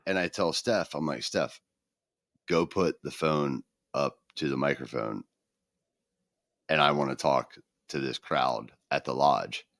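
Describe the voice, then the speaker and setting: A man's voice: extremely low pitch, a little slow, no echo, studio quality. A middle-aged man co-hosting a podcast, chatting casually and acting out the people in his stories. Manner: animated storyteller, acts out quoted voices. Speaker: podcast co-host. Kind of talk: casual chat.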